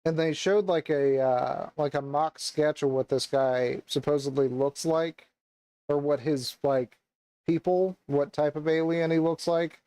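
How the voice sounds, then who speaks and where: Young male co-host, casual chat, rambling with lots of fillers, voice sits a bit high, dry close sound. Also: fairly even intonation, measured pace, dark tone, smooth, no room sound, rough recording. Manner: rambling, hesitant, many fillers and restarts. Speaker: podcast co-host.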